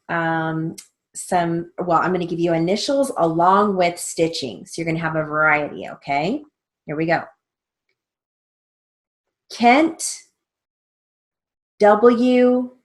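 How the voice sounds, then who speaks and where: A middle-aged woman teaching steno theory, dictating sentences slowly and spelling out names letter by letter. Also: on the low side. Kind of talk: slow dictation and explanation.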